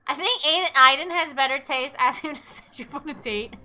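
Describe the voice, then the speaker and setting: Bright chatty woman streamer. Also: high voice, moderate pace. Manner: chatty, rambling, swears freely, thanks viewers. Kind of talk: casual live game commentary.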